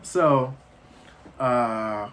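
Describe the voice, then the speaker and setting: A man's voice: mid-range voice, extremely slow, a bit bright. A man casually retelling a film's plot in a loose, rambling way with slangy asides. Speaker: movie reviewer.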